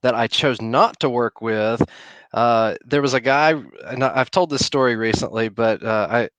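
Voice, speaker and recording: A man, a wrestling promoter, telling a story as a podcast guest in a relaxed, self-deprecating way. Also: mid-range voice, moderate pace, clean tone, dry recording. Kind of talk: casual storytelling.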